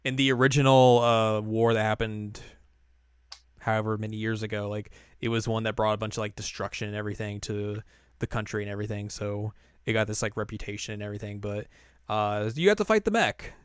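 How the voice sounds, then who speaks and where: A man's voice: fairly low pitch, brisk, smooth, dry recording, clean studio sound. A man co-hosting a podcast, recapping in a rambling, filler-heavy casual chat. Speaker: podcast co-host.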